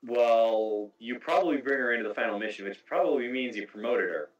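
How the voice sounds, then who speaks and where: A man's voice: mid-range voice, a little fast. Man, casual podcast host, detailed explainer, roomy echo. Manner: explanatory, walks through game details at length. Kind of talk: casual podcast chat about video games. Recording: echoey room, distant mic.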